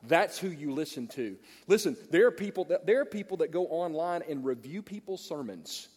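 A man preaching a sermon to pastors, blunt and animated, telling stories to make his point. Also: fairly high pitch, normal speed, breathy edge. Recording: long reverb of a large hall.

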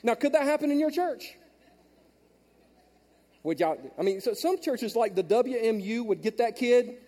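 A male pastor preaching a sermon through a handheld mic in a large church auditorium, storytelling and swinging from hushed asides to loud emphatic peaks. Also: extremely high pitch, lively intonation, moderate pace, long reverb tail.

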